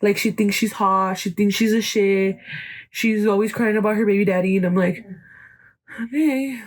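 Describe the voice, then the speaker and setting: A woman's voice: medium pitch, level tone, normal speed, low-quality recording. A young woman hosting her own podcast, telling a story in a chatty, swearing way and slipping into Spanish now and then. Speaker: podcast host. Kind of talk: casual chat.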